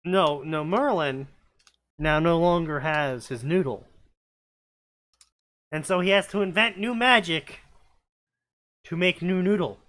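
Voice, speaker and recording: A man's voice: on the high side, slow, long pauses, fairly bright tone, no echo. A man joking and rambling while commenting on fanfiction with friends. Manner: rambling, joking, puts on goofy voices. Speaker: co-host reading fanfiction. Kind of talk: comedic commentary chat.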